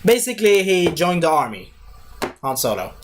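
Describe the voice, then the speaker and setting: Rambling man with a higher voice. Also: big pitch swings, moderate pace, slight background noise. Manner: rambling, loses his thread and corrects himself. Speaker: movie reviewer. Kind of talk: casual spoken movie review.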